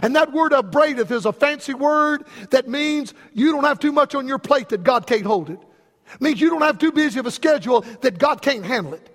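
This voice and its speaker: A man's voice: very high voice, lively intonation, fairly quick, fairly bright tone. A man preaching a folksy, storytelling sermon to his congregation, calling out questions to the people in the pews. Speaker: pastor. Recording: long hall reverb.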